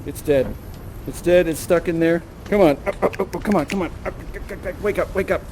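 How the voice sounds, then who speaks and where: A man with a high, bright voice leads an audience through an interactive theatre show in virtual reality. He is chatty and animated, tagging his sentences with quick okays and rights. He speaks into a headset mic. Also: slight background noise. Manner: chatty, animated, tags lines with okay and right.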